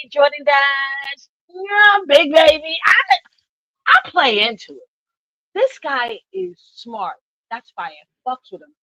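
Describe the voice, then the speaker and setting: Woman, streamer chat, profane, interrupting, repetitive, very high voice, dry sound. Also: no room sound, lo-fi sound. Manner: loud, profane, interrupting and repeating herself. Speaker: stream moderator.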